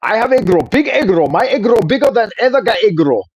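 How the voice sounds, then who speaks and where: A man's voice: high voice, sing-song, fairly quick, a little mellow, husky, highs cut off, pitched above the performer's own voice, heavily acted. A man putting on a Chinese accent to play a boastful male restaurant worker with clipped, broken phrasing. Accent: Chinese, put-on.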